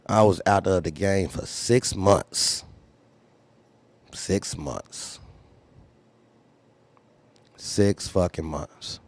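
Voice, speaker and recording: A man's voice: low voice, drawn-out words, pauses often. A man who runs a trucking company, candidly telling a story in a blunt, profane way and repeating phrases for emphasis. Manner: acts out others' lines in raised voice.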